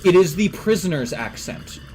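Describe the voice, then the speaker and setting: Blunt swearing Canadian man, higher voice. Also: lively intonation, moderate pace, music in the background. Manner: blunt, heavy swearing, emphatic. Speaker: streamer. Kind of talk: casual chat with stream chat.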